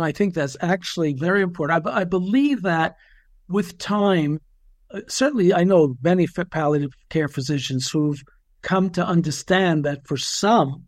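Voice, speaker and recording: A middle-aged man who works as an ethicist, telling stories in a measured, conversational way and sometimes stumbling on his words. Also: on the high side, no echo, studio quality. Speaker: ethicist and physician doing assessments. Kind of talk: conversational storytelling.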